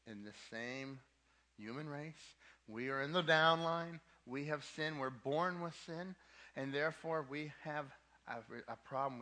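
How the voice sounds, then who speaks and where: A man's voice: medium pitch, a bit bright. A man preaching a sermon to a young adult ministry, emphatic, with casual asides, and repeating his key points twice.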